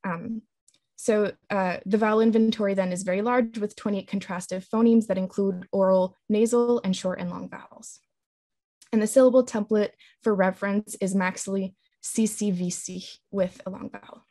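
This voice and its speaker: A woman presenting a linguistics talk with slides, explaining in a measured way with frequent ums and restarts. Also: mid-range voice, steady tone, warm tone, no echo.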